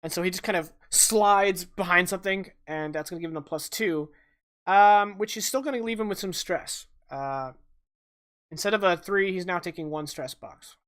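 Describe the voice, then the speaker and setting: A game master with a voice of middling pitch, running a tabletop session in a relaxed, chatty way. The speaker calls turns, reads out dice results and narrates the action. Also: normal speed.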